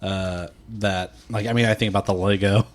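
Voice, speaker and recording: Male podcast co-host, lower voice, relaxed chatter with frequent laughs. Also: moderate pace. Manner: laughs often, acts out quotes in put-on voices. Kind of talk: casual chat.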